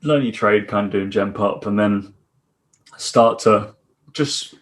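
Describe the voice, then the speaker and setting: A man's voice: lowish voice, slow pace. A man co-hosting a fitness podcast, chatty, telling anecdotes and acting out the lines of the people in them. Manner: chatty anecdotes, acts out quoted dialogue. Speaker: podcast co-host, fitness coach. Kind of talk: casual podcast chat.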